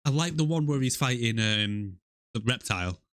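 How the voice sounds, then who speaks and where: A man's voice: mid-range voice, lively intonation, moderate pace, a bit bright, dry recording, studio quality. Jokey British man on a podcast. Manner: laughs often, loose and jokey. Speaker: podcast co-host. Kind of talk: casual movie review chat.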